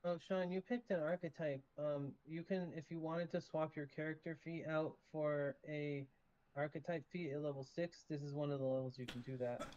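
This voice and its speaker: A man's voice: a little high, fairly even intonation, moderate pace, darkish tone, dull audio. A man running a tabletop game who explains rules casually, with many fillers and restarts. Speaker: game master.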